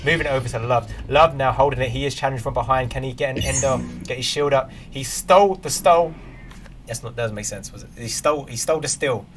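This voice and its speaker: A man casting an esports match play-by-play, close to the mic, chatting to viewers and jumping into loud bursts on big plays. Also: medium pitch, fast talker, soft background music. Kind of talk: play-by-play commentary.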